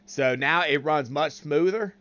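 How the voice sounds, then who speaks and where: Casting: male live streamer, smooth and clear voice, halting and casual, slightly dull lo-fi mic. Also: fairly high pitch, fairly bright tone. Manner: halting, full of fillers while setting up.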